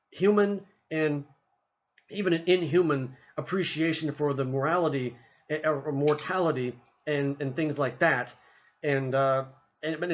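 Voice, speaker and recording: A man talking casually about a film he just saw, rambling with lots of restarts and acting out scenes in quick voices. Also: fairly high pitch, lo-fi sound. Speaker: movie reviewer.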